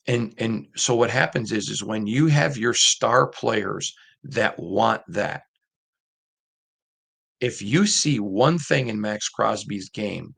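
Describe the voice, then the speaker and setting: Gravelly middle-aged man, earnest sports talk. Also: lowish voice, fairly bright tone. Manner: earnest, emphatic storyteller with repeated phrases. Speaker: sports show host. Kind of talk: casual commentary monologue.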